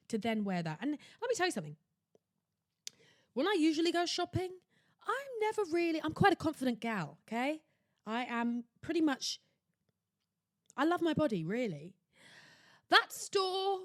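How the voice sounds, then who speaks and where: A woman's voice: high-pitched, fairly bright tone, dry recording, clean studio sound. A young woman hosting her own podcast, ranting theatrically and sarcastically about shopping. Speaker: podcast host. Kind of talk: casual solo podcast rant. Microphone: laptop setup at home.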